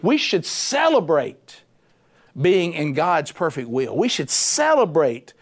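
Middle-aged male preacher, rather high voice, animated and chatty sermon delivery. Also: slow pace. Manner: animated, conversational, punchy repetition. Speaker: preacher, former radio host.

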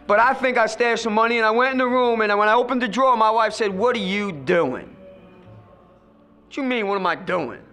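Man, recovery-meeting testimony; high, bright voice, acts out dialogue, loud to hushed. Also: fast talker, hardly any pauses, smooth, faint music behind. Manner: storytelling, acts out quoted voices, swings between loud and hushed.

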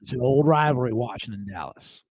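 A man's voice: medium pitch, brisk, slightly rough, no room sound, poor audio. A man hosting a sports betting show, ranting comically with lots of swearing and mimicking relatives. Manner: profane, animated, mimics family members. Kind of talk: comedic live-stream rant.

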